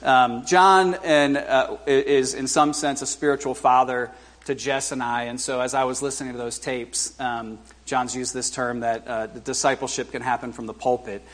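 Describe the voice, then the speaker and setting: Halting, chatty man preaching in church. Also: mid-range voice, fairly even intonation, fairly bright tone. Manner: conversational, halting with many fillers, self-deprecating humor. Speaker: guest preacher. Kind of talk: informal sermon. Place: church service before a congregation.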